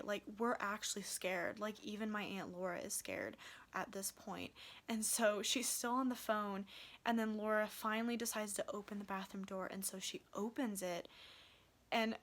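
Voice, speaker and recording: A young woman tells a story straight to her viewers in a loose, rambling way, with plenty of "like" and "um". She sounds tired at the end of a long day. Her pitch sits in an ordinary middle range. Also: fairly even intonation, normal speed, a bit bright. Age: young adult. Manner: rambling, heavy use of "like" and "um". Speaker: vlogger. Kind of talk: casual storytelling vlog.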